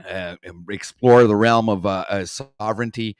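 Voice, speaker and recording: A man's voice: on the low side, fairly even intonation, moderate pace, smooth. A man hosting a talk stream, reacting to a video with rambling, profane commentary full of fillers and swearing. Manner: swears constantly, rants and trails off with fillers.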